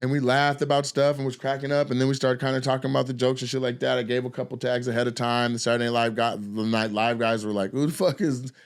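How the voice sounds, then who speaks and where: A man's voice: medium pitch, completely flat delivery, fast, hardly any pauses, smooth. A man, a stand-up comedian hosting a podcast, telling a long story in a rambling, profane, casual way. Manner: rambling, profane, restarts a lot.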